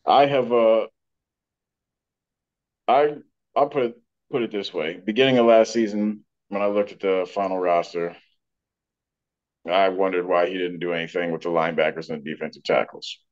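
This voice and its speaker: A man's voice: sits low, fairly even intonation, moderate pace, pauses often, muffled recording. A man co-hosting a casual sports podcast, blunt and full of restarts, hiccuping now and then. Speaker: podcast co-host.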